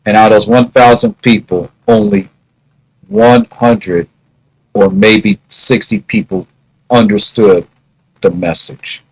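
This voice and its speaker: A man's voice: fairly low pitch, lively intonation, slow, gravelly, breathy edge, rough recording. A man musing in a casual vlog monologue, wry and half-joking. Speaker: vlogger.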